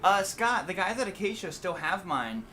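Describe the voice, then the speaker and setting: A man's voice: sits high, sing-song, moderate pace. An American man with a mixed Midwest and Southern accent, chatting casually and loosely on a live stream as a guitar teacher, full of fillers and restarts. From USA. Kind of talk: casual livestream chat.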